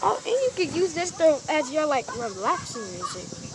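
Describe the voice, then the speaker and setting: A woman's voice: sits high, sing-song, moderate pace. A young woman casually chatting while filming a walk through a park on her phone, pointing things out as she goes. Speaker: vlogger filming a nature walk. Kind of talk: casual chat while walking. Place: outdoor park with a pond. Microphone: phone held while walking. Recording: loud outdoor noise on a phone recording.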